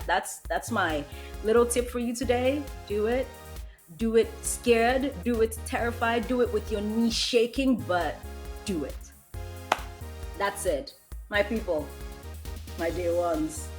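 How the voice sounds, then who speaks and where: A woman's voice: lowish voice, moderate pace, soft background music. A young woman hosting a solo podcast, giving a blunt, emphatic pep talk in a casual chatty way. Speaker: podcast host.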